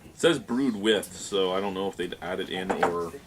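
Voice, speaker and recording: A man's voice: sits low, moderate pace, noisy background. A man hosting a casual beer-tasting show, joking around with friends and describing aromas in detail. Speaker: beer review host.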